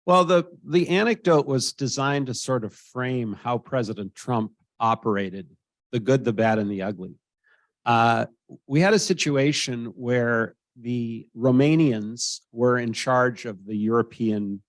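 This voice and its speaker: At a measured pace, with a medium-pitched voice and no room sound, an American-accented guest in his sixties shares an anecdote during an interview, animatedly doing the voices of others.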